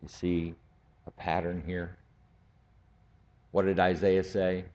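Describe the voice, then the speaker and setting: A man teaching a Bible study class, speaking slowly and deliberately and building to emphatic points. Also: deep voice, little pitch movement, a little mellow. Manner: slow, deliberate, rising to emphatic. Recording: dull lo-fi recording.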